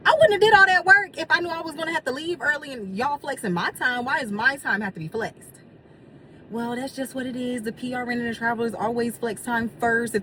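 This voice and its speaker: A young woman talking casually to her vlog camera, venting about work with animated storytelling and quoted dialogue. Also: mid-range voice, recorded from a distance, a little hiss or hum. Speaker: vlogger. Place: in a car and a hotel.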